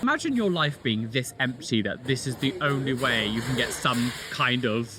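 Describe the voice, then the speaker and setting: A young man hosting a reaction video, reacting to clips in casual commentary with animated, disgusted exclamations. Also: mid-range voice, moderate pace, noisy background.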